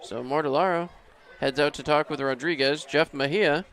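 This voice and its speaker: Gravelly baseball play-by-play man. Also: a little high, moderate pace, fairly bright tone. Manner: easygoing, chuckles between calls, rises sharply on hits. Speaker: play-by-play announcer. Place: outdoor ballpark broadcast booth.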